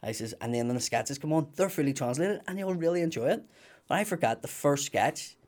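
A man's voice: a little high, a little fast. A man, a comedian telling stories in casual chat and acting out other people's voices. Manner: animated anecdotes, acts out voices loudly.

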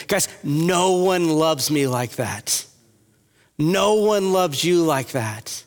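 A man's voice: a little high, takes it slowly. A man preaching an earnest sermon as a pastor, rising at times to impassioned appeals. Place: church hall with audience. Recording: long hall reverb.

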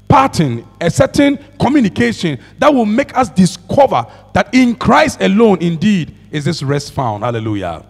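A man's voice: high voice, vocal fry, husky, long reverb tail. A male pastor preaching a sermon to a congregation, calling for responses and repeating hallelujah. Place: church.

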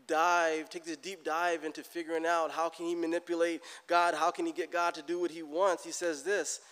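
A middle-aged man delivers a sermon in a church. His voice is smooth and resonant, a little higher than most men's, and it climbs and grows loud as he plays out what people pray. A long reverb from the hall trails every phrase. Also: normal speed. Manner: animated, rises loud for emphasis, acts out prayers. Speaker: pastor.

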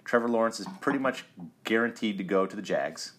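A man's voice: lowish voice, expressive, a little fast, noisy background. A middle-aged man co-hosting a casual sports podcast, teasing and quizzing his co-host.

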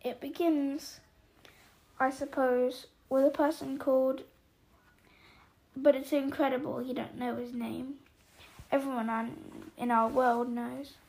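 A woman voicing a gruff giant man who is kindly but quick-tempered, with booming outbursts and folksy slang, in an audiobook reading. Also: level tone, a little mellow. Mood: hesitant.

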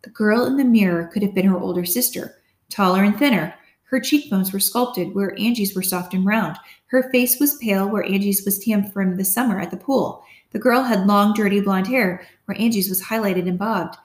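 A woman narrates a mystery novel in a steady storytelling manner, her voice sitting at a middle pitch. The recording carries a noticeable roomy echo. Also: normal speed. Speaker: audiobook narrator. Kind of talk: scripted narration.

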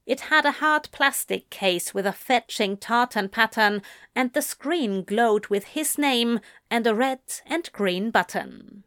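A woman reading a story aloud at a slow, unhurried pace. Her voice is a bit high and rises and falls a lot. The recording is close and dry, with no room sound. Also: animated, a bit bright, no echo. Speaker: reader.

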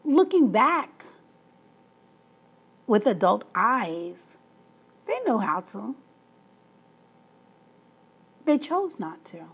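A woman's voice: on the high side, very animated, takes it slowly, husky, dull audio. A woman talking through a personal story in an emphatic monologue, laughing between her points. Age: adult, past school age.

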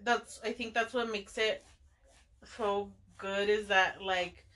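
A woman's voice: medium pitch, steady tone, slow pace, fairly bright tone. A woman talking casually and earnestly, swearing freely and calling her friend "dude.". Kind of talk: casual chat.

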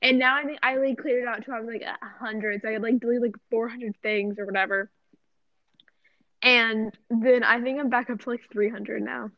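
A woman's voice: on the high side, fairly even intonation, normal speed, dry recording. Chatty young woman, tiring voice. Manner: chatty, lots of "like" fillers, self-deprecating. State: voice getting hoarse. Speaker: podcast co-host. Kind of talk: casual chat. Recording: dull lo-fi podcast audio.

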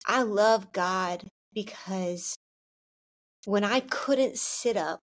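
Young adult woman, Christian vlogger, candid and earnest, middle pitch. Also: extremely slow. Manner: earnest, candid, filler-heavy with frequent "like". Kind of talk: heartfelt faith talk to camera.

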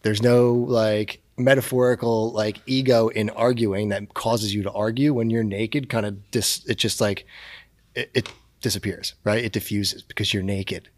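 A man's voice: fairly low pitch, steady tone, moderate pace, dry recording. A man in casual conversation, explaining an idea step by step and checking in with "right?". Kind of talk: casual chat.

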